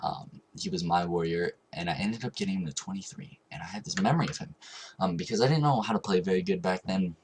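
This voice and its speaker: A man's voice: low voice, fast, a little mellow, slight background noise. A young man telling a long gaming story in a casual vlog, rambling with frequent ums and restarts. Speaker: vlogger.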